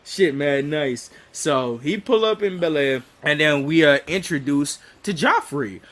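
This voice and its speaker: A man's voice: fairly high pitch, unhurried. Male podcaster, tenor-leaning, loose slangy recap delivery with frequent laughter. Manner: animated, slangy, laughs often, frequent restarts. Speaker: podcast co-host. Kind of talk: casual recap of a TV episode.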